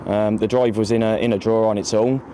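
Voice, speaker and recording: Man, Welsh accent, hesitant, low flat voice, outdoors, faint traffic noise. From Wales. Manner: hesitant, halting with restarts. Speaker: interviewee in a news clip. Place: outdoors near a landfill site.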